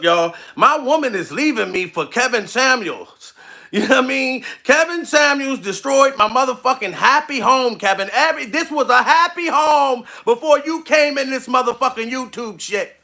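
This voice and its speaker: Male comic, very high and bright, gravelly, profane laughing rant. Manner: profane, frequent laughs, addresses target directly. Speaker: comedian streaming live. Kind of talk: comedic rant to camera.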